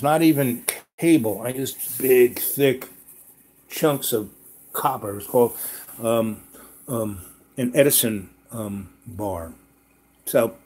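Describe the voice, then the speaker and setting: A man hosting a live chat, telling a rambling story in a casual way, full of pauses and restarts. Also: medium pitch, darkish tone. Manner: rambling, with many fillers and restarts.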